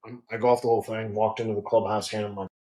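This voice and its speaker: Fast-talking, low-voiced man telling stories. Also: little pitch movement, mellow. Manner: swears freely, acts out quoted voices. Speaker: guest, head distiller. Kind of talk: casual storytelling.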